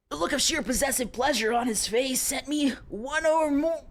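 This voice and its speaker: A woman's voice: high voice, normal speed, hardly any pauses. A young woman streaming live, reading a romance novel aloud to her chat with giggly, chatty asides.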